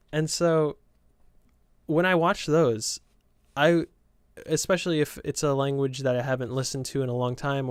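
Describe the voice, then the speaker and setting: A man's voice: mid-range voice, clear, resonant tone, dry recording, clean studio sound. A young man from the southern United States with a light Southern accent, hosting a casual podcast in a chatty, meandering way that keeps correcting itself. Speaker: podcast host. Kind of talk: casual rambling podcast chat.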